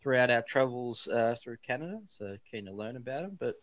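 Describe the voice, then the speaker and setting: A man's voice: mid-range voice, lively intonation, fairly quick, dry recording. A man co-hosting a casual podcast, easygoing and matey as he welcomes a guest. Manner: laid-back, matey banter. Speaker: podcast co-host.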